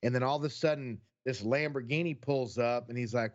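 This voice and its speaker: A man co-hosting a podcast in casual chat, excitable and quick to jump in with his own stories. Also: medium pitch, highs cut off. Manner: excitable, jumps in to retell stories. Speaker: podcast co-host.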